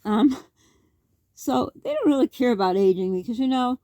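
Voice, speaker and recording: With fairly high pitch and lively intonation, she speaks at a moderate pace in a mellow voice, free of room sound. The middle-aged Canadian vlogger talks directly to camera, rambling and worked up, asking one rhetorical question after another.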